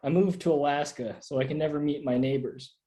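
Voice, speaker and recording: A man reading his own absurd poems aloud at a live reading, in a deadpan way. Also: fairly high pitch, fairly quick, low-quality recording. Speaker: poet reading own work.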